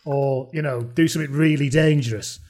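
A man's voice: mid-range voice, steady tone, a little fast, darkish tone. A British man co-hosting a casual chat, telling sporting anecdotes with swearing and plenty of laughter. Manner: storytelling, swearing, laughing often. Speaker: podcast co-host.

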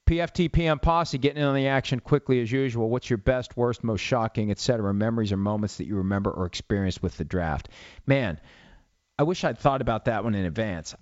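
On his solo podcast, a middle-aged host rants through rhetorical questions and then takes questions from listeners. He speaks at medium pitch and a little fast. The audio has no echo but sounds muffled.

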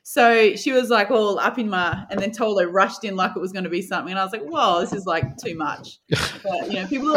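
Lively woman telling stories. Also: medium pitch, fast talker. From Australia. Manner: animated, acts out her own inner voice, swears casually. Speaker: guest basketball player. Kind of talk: casual interview storytelling.

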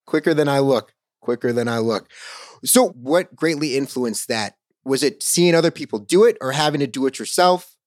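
A man's voice: mid-range voice, lively intonation, normal speed, dry recording, studio quality. Easygoing male podcast host. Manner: easygoing, asks rambling questions full of fillers. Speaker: podcast host, former army officer. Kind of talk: casual interview chat.

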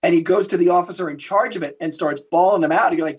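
A man being interviewed as a historian, telling lively anecdotes and acting out the quotes in his stories. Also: high-pitched, fast, few pauses, husky. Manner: animated anecdote teller who acts out quotes. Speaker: guest historian and author. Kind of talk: interview storytelling.

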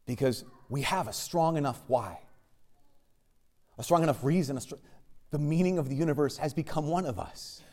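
A man, a Catholic priest, preaching a sermon with wry asides, swinging from urgent questioning to hushed emphasis. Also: on the high side, moderate pace, long pauses.

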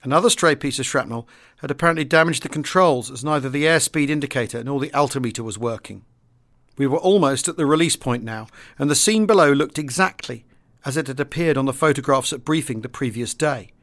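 A man reading a wartime memoir aloud in the first person, steady and understated. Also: mid-range voice, fairly quick. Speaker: audiobook reader.

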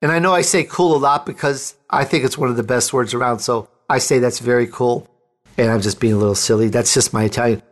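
A man's voice: mid-range voice, fairly even intonation, fast, faint music behind. A man hosting an interview show, speaking in an enthusiastic, effusive way. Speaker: talk show host. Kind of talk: interview conversation.

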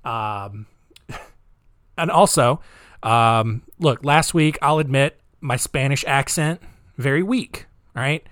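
A male podcast host who talks casually and jokes, rambling through fillers. His pitch sits mid-range, and the recording is dry and close to the mic. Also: slow, a bit bright, no echo. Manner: rambling, jokey, lots of fillers. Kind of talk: casual comedic storytelling.

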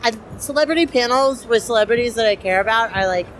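A woman's voice: a little high, fast talker, a little hiss or hum. A young woman cosplayer, chatty and enthusiastic with many fillers, interviewed at a convention. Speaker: cosplayer guest.

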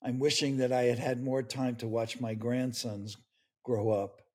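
A man's voice: mid-range voice, level tone, measured pace, mellow, husky. An older man, a grief expert guest, speaking earnestly and tearfully in an interview. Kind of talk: emotional interview conversation.

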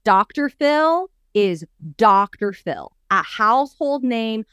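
With a slightly high, clear and resonant voice, a woman speaks slowly in studio-quality audio free of echo. She co-hosts a coaching podcast, telling an expressive story in which she acts out the quoted voices and emphasizes her lists.

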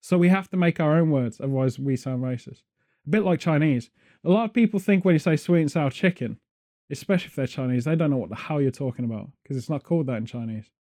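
A man's voice: a little high, fast, darkish tone. A man hosting a podcast, rambling and joking sarcastically in casual chat. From Britain. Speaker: podcast host.

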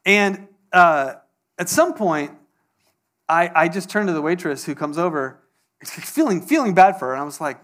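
High-voiced man preaching a casual sermon. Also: moderate pace. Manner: conversational storytelling, animated quoted voices. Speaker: pastor.

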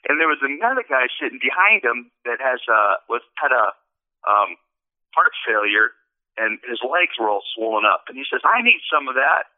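Guy rambling through a story on a call-in show, mid-pitch voice, sounds like a phone line. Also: lively intonation, normal speed. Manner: rambling, full of fillers and restarts. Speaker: caller sharing a testimony.

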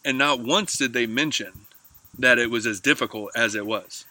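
A man's voice: medium pitch, normal speed, bright, forceful tone. A man co-hosting a casual travel podcast, speaking in a reflective, earnest and encouraging way. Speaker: podcast co-host.

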